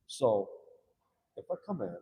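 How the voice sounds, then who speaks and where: A man's voice: medium pitch, measured pace, phone-quality sound, a little hiss or hum. A man giving a rambling, profane interview, acting out the people in his stories. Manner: profane, animated, acts out quoted people. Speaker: interview guest. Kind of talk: rambling candid interview talk.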